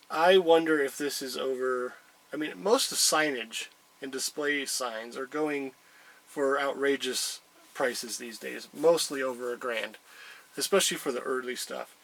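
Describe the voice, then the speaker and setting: A man's voice: mid-range voice, fairly bright tone, rough recording. A man casually showing a collectible item, rambling with many hesitations. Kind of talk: casual chat.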